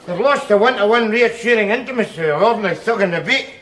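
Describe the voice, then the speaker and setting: A scruffy Glasgow man, high bright voice, swooping pitch, rambling, sardonic, stammering. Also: animated, fast talker, a little hiss or hum. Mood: sardonic rant. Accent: Glaswegian. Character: scruffy middle-aged Glasgow man, sardonic, ranting, jailed. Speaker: sitcom lead. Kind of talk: sitcom monologue.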